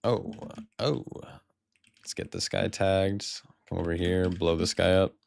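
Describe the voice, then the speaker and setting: American man, deep voice, dry close sound, loose rambling stream chatter, lots of swearing. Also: steady tone, unhurried, vocal fry, a little mellow, no room sound. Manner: loose, rambling, swears a lot, laughs often. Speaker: game streamer. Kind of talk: casual live-stream chat.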